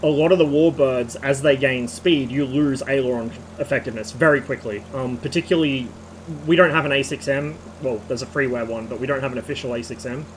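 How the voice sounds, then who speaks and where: A slightly hoarse man streaming, giving a rambling technical rant with casual swearing. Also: mid-range voice, slight background noise, low-quality recording.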